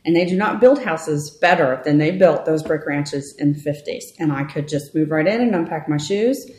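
A woman's voice: deep voice, moderate pace. Chatty woman realtor in a roomy space. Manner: chatty, animated storytelling with fillers. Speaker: realtor guest. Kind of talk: conversational interview. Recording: roomy echo.

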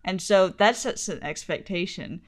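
A woman co-hosting a podcast, chatting in an amused, animated way. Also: fairly low pitch, unhurried. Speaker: podcast co-host. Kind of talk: casual chat.

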